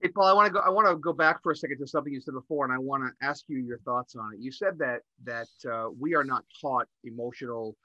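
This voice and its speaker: A man's voice: medium pitch, quick pace, few pauses, pushed and bright, dry recording, highs cut off. A man in his fifties co-hosting a podcast, talking animatedly and often repeating words as he goes. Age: 50s. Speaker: podcast co-host. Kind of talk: podcast interview conversation.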